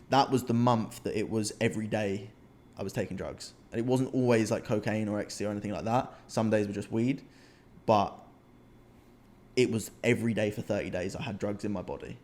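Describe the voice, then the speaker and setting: Young uk man, podcast co-host, animated storyteller, repeats himself, casual chat. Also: on the low side, brisk. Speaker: podcast co-host, men's coach.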